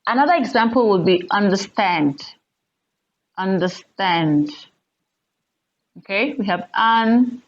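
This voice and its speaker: A woman teaching an online lesson. She speaks deliberately and repeats words for emphasis. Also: mid-range voice, animated. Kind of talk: recorded online English lesson. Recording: dull lo-fi recording.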